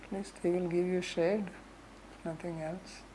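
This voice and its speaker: A woman who teaches scripture verses, explaining them slowly with homely examples and frequent "right?" asides. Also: fairly low pitch, flat delivery, mellow, a little hiss or hum, poor audio. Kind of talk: lecture on Sanskrit verses.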